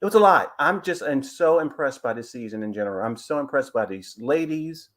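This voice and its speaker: A man's voice: mid-range voice, animated, brisk, fairly bright tone. A man calling in to a live show, giving rambling, gossipy commentary on a reality TV episode. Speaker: caller. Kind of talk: casual call-in commentary.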